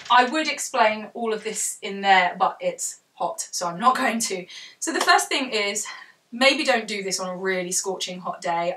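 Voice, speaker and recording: Fast-talking southern English woman, bright voice. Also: mid-range voice, recorded from a distance, rough recording. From south of England. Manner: fast, chatty, self-deprecating, laughs often. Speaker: audiobook author giving tutorial. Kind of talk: casual how-to vlog. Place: home room with fabric fort.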